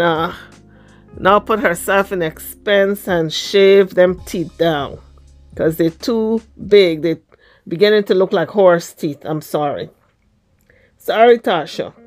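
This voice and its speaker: A woman giving casual celebrity gossip commentary in a sassy, blunt, slangy way, her voice slightly hoarse. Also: medium pitch.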